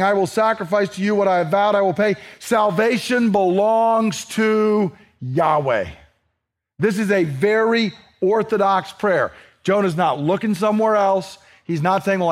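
Male pastor, fairly high voice, emphatic expository preaching. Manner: earnest, emphatic, slows down for scripture readings. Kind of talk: expository sermon.

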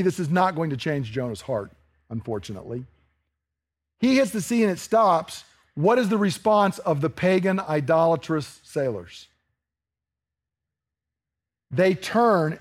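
A man preaching a sermon to a congregation, asking them questions and acting out the dialogue of the story. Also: high voice. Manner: animated, asks the congregation questions, acts out dialogue.

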